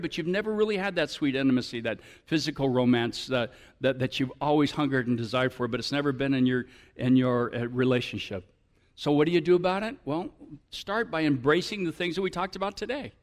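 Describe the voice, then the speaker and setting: A male pastor preaching a sermon to his church, often building up to animated, emphatic appeals. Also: fairly high pitch.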